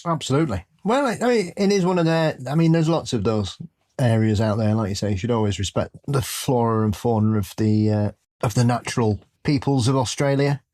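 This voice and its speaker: A man's voice: mid-range voice, a little fast, darkish tone. Jokey, rambling man co-host. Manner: jokey, rambling, laughs a lot. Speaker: podcast co-host. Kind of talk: casual chat.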